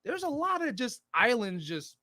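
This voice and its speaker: A man's voice: very high-pitched, big pitch swings, moderate pace, pushed and bright, no room sound. Guy cohosting a podcast, rambly and sweary, dry close sound. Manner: rambling, profane, slips into put-on voices. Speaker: podcast co-host. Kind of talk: casual chat.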